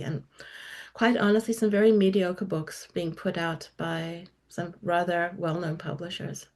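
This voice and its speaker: A woman's voice: on the low side, darkish tone. A middle-aged woman guest author talking about her work in a podcast interview, articulate and enthusiastic. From South Africa.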